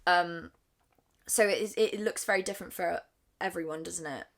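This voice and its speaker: Earnest young British woman, lowish voice. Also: gravelly. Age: young adult. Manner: earnest, halting with restarts. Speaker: podcast co-host. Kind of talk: candid casual chat.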